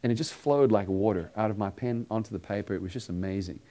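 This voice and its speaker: A man preaching a sermon, earnestly telling a story and acting out the dialogue, sometimes dropping to a hushed tone. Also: on the low side, fast talker.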